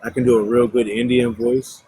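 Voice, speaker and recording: A man's voice: medium pitch, level tone, normal speed, warm tone, slight background noise, rough recording. A young man chatting casually and bluntly with his viewers on a livestream, rambling and swearing freely.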